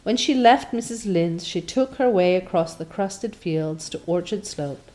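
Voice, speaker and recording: This is scripted audiobook narration from a woman whose pitch sits fairly low. She tells the story at an even, measured pace.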